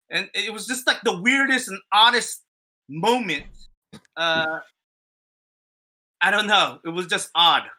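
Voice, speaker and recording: Very bright-voiced man telling a story. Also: sits high. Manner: rambling, profane, many fillers and restarts. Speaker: podcast co-host. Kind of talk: casual storytelling chat.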